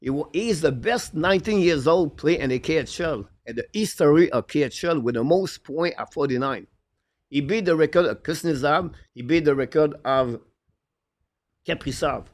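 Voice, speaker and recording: A man hosting a live hockey stream, reading viewer comments in broken English with constant "uh" fillers. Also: a little high. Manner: halting, full of "uh" fillers; broken, non-native English phrasing. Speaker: live show host.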